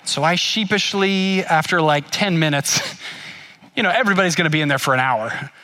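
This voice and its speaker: A middle-aged man preaching a sermon, telling a personal story in an animated way and acting out the voices of the people in it. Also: on the high side, moderate pace. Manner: animated storytelling, acts out whispered asides. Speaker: pastor.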